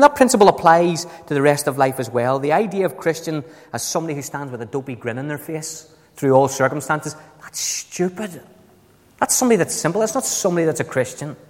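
A man preaching a sermon to a congregation, emphatic, his voice leaping up on key words. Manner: emphatic, swings up to high ringing stresses. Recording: echoey hall with long reverb.

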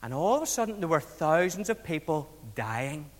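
High-voiced man preaching a storytelling children's talk, reverberant church hall. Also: normal speed. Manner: lively, colloquial, asks the audience questions.

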